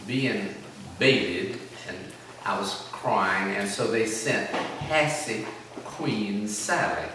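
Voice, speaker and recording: An older man from South Carolina, US, with a lowish voice, tells rambling, folksy stories about his childhood. As an oral history interviewee reminiscing, he is self-deprecating, recorded by a distant mic in an echoey room with background noise.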